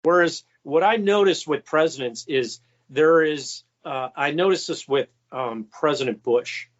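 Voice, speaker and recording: As an interview guest, a man who was once a White House stenographer shares behind-the-scenes anecdotes in a chatty way, raising his pitch to act out the voices he quotes. His voice sits a little high for a man, his pace is measured, and the audio is dull and lo-fi.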